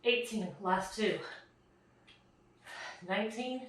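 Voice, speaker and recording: Slow-paced, breathless woman trainer counting reps, voice far from the mic. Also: fairly high pitch, slight background noise. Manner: counts reps aloud, encouraging. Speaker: fitness instructor. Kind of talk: home workout coaching. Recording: very echoey room, mic far off.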